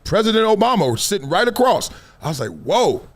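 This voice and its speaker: A middle-aged man hosting a live stream, with a slightly high-set voice. He tells his story in animated, slangy casual talk and speaks right to his viewers. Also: fairly quick. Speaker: show host.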